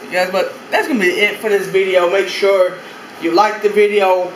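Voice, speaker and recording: A man's voice: high voice, little pitch movement, moderate pace, roomy sound, a little hiss or hum, low-quality recording. A young man vlogging casually from his bedroom, rambling, swearing a lot and repeating himself. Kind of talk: casual room-tour vlog.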